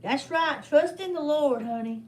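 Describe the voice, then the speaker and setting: High-voiced older woman chatting. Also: a little slow, darkish tone, poor audio. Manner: rambling, heartfelt, with folksy religious phrasing. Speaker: livestream host. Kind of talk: casual livestream chat.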